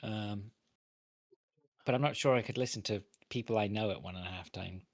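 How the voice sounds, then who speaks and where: A man's voice: on the low side, moderate pace. A man co-hosting a gaming podcast, explaining things casually with hedges and "right?" checks. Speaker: podcast co-host. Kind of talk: casual chat.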